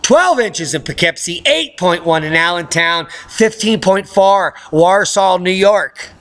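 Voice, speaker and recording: Sarcastic ranting man, bright voice. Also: high-pitched, expressive, unhurried. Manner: sarcastic, mocking, combative. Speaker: weather channel host. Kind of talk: ranting commentary on news.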